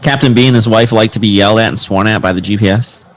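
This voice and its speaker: A man's voice: on the low side, fast. A man co-hosting a comedy podcast, reading odd news stories aloud and joking with friends, laughing and tripping over words. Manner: jokey, laughs often, stumbles over words. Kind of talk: casual banter.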